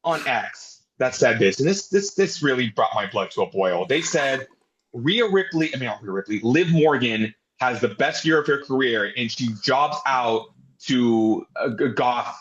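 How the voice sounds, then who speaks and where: A man's voice: mid-range voice, lively intonation, normal speed, a bit bright, muffled recording. A man co-hosting a podcast, talking casually with strong opinions and some swearing. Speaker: podcast co-host. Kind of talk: casual chat.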